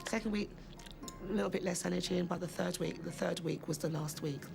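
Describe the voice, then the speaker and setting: Woman, interviewee, expressive storytelling, gravelly fry. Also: on the low side, fairly quick, over music. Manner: expressive, acting out gasps in her stories. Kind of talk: documentary interview.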